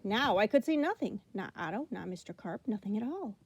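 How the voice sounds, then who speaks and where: A woman reading a children's picture book aloud, expressive and slowing for emphasis. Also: mid-range voice, slight background noise. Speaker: storybook reader.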